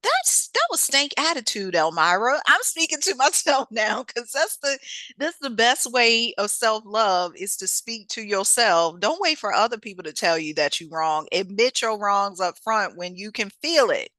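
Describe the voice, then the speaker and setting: Lively, bright-voiced woman giving motivational talk. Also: medium pitch, normal speed, no room sound. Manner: lively and preachy, with colloquial speech and laughs. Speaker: host. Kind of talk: motivational self-help talk.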